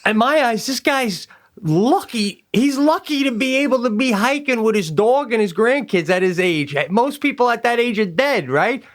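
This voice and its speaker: A man's voice: very high voice, lively intonation, moderate pace. Profane man riffing comic rants. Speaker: podcast co-host. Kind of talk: casual podcast chat.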